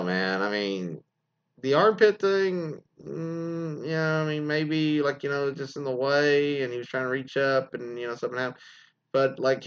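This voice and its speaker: A man's voice: mid-range voice, fairly bright tone, clean tone, dull audio. A man casually reading out and joking about listener stories, rambling with lots of fillers and restarts. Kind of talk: casual comedic commentary.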